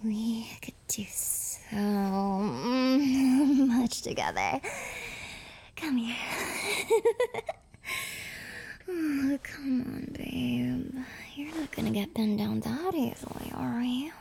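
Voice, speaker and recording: A young woman voicing a clingy, possessive, obsessive girlfriend in a whispered role-play, with breathy whispers broken by giggles. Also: fairly high pitch, animated, slow, warm tone, exaggerated voice. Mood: possessive teasing.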